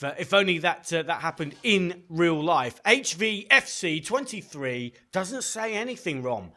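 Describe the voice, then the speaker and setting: Lively, teasing male podcast co-host. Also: a little high. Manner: teasing, playful. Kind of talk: casual podcast banter.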